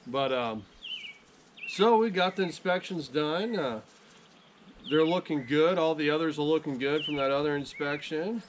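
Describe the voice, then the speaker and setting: A man chatting casually to camera outdoors beside his beehives in a relaxed, rambling way, often correcting himself. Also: on the high side, measured pace, background noise. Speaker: beekeeping vlogger.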